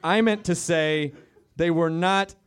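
A man's voice: a little high, fairly even intonation, slow, smooth. Loose, swearing male emcee. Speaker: host. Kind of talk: emcee introducing comics.

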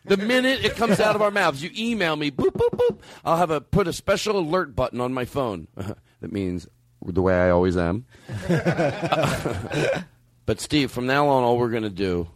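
A man hosting a comedy podcast, rambling excitedly and cracking himself up. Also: mid-range voice, normal speed, no echo. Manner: rambling, animated, breaks into laughter. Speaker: podcast host. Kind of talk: casual comedy chat.

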